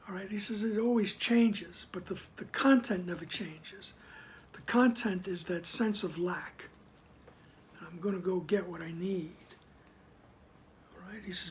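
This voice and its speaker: A man reading a spiritual text aloud with reflective commentary. He is soft-spoken, often sinks to a whisper, reads slowly and with emphasis, and keeps checking in with the listener. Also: sits high, steady tone, slight background noise. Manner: slow, emphatic reading of passages. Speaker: spiritual text reader and teacher.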